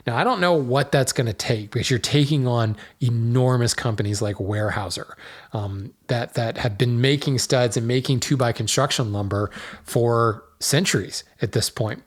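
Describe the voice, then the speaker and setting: A man's voice: medium pitch, normal speed. A man hosting a podcast, talking casually and loosely with many fillers and restarts as he works at a hardwood dealer. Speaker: podcast host. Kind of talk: casual solo talk.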